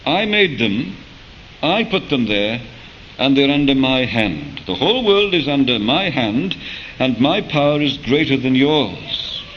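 A man preaching a sermon, speaking in a measured way with rhetorical questions and occasional hesitations. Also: medium pitch, very animated, muffled recording, a little hiss or hum.

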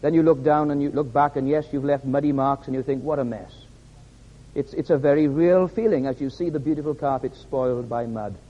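A man's voice: medium pitch, fairly quick, hardly any pauses. A man preaching a sermon in a church, stressing points by repeating his words. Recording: reverberant hall, dull lo-fi sound.

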